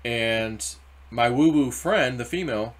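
A man's voice: medium pitch, unhurried. Rambling man talking crypto. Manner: rambling, animated, acts out quoted voices. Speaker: crypto video host. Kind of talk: casual market commentary.

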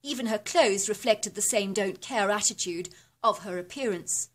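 A woman reading a first-person horror story aloud in a steady, descriptive storytelling manner. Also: medium pitch, moderate pace. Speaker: narrator.

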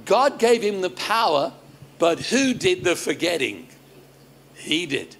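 A man's voice: sits high, sing-song, takes it slowly, creaky, a bit bright. A man with an Australian accent preaching to his congregation, stammering into restarts, cracking jokes and quizzing the audience. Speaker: pastor. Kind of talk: lively sermon to a congregation. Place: church service.

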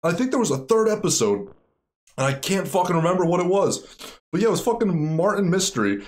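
A man's voice: high-pitched, brisk. A young man chatting loosely and swearing a lot while playing a horror game on stream, rambling through stories. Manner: rambling and profane, animated storytelling. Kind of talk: casual gameplay chat.

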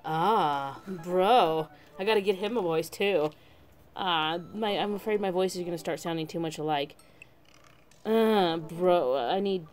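A woman's voice: fairly low pitch, a little slow, a little mellow, a little hiss or hum. Chatty, hesitant woman gamer. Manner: chatty, hesitant, self-questioning. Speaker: let's play gamer. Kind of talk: casual game commentary.

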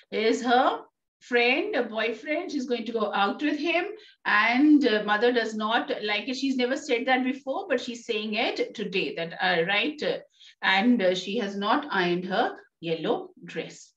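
A woman's voice: a little high, expressive, measured pace, a bit bright, lo-fi sound. A woman with an Indian English accent, teaching an online English class, reading a play aloud and questioning her students. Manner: explains and questions students, reads lines aloud. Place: classroom or home, online lesson. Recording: echoey room, voice far from mic.

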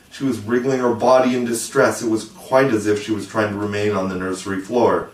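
Audiobook reader: man, measured and gentle, lowish voice, echoey room, mic kept at a distance. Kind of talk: storybook narration.

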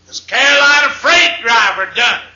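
A woman's voice: a little high, a little slow, bright, forceful tone, muffled recording. A man doing a drawling stranded woman. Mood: indignant. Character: flustered young woman stranded on highway. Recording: hissy echoey 8-track tape.

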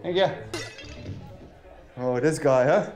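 A man's voice: on the high side, slow pace. A man commentating his VR gameplay in a rowdy, playful way, hamming up drunk bravado and taunting the game's characters. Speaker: VR gameplay YouTuber. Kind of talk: playful let's-play commentary. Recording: roomy sound with loud game music.

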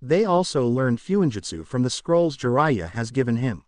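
A man narrating a fan fiction story aloud in a plain, steady reading voice with occasional misread words. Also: medium pitch, moderate pace, no room sound, clean studio sound.

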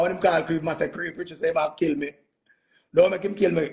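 Jamaican male performer, high gravelly voice, boastful animated storyteller. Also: brisk. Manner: animated, boastful, repeats "man" and "yo", laughs through his telling. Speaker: music performer. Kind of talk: casual storytelling rant.

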